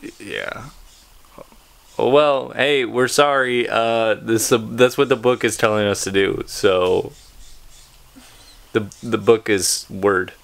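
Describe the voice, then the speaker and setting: Young guy vlogging at home, gravelly fry in his voice, rambly and chuckly. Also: on the low side, takes it slowly, long pauses. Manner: rambling, chuckles between phrases. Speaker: vlogger on a date with his wife. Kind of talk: casual chat to camera.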